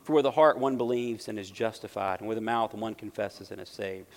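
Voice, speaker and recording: Gravelly-voiced man preaching a sermon. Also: lowish voice, fairly quick. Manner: emphatic, swings from loud bursts to quiet asides. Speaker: pastor. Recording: long hall reverb.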